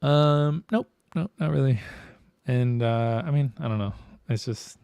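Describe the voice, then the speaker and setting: A young man co-hosting a podcast speaks a little slowly at medium pitch, with vocal fry and a slightly mellow, clean tone and no echo. The casual chat is candid and profane, rambling along with many restarts.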